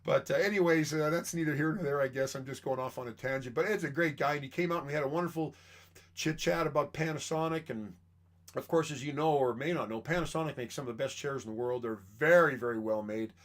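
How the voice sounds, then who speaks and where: Speaking fast in a slightly high voice, a middle-aged man from Canada chats away in a loose, filler-heavy monologue. He's a chiropractor who also deals in massage chairs.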